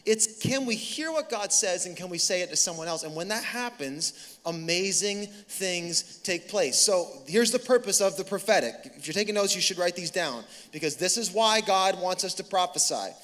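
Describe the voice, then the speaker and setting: A man in his thirties preaching a sermon, talking casually and telling a story in animated bursts with quick restarts. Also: high voice. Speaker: pastor. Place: large church hall. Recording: reverberant hall.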